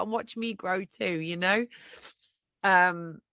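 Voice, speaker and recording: A woman's voice: on the low side, slow, long pauses, sharp tone, dry recording. A young woman hosting a personal podcast, talking candidly and emotionally with a blocked nose, sniffing and tearful, with many restarts. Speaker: podcast host.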